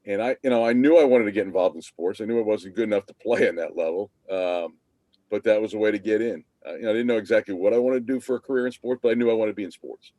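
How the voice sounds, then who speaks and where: A man in his 50s, a former team manager appearing as a podcast guest, tells long, rambling stories over a video call, restarting often in casual interview storytelling. His voice is on the low side, quick, and dark in tone, with no echo.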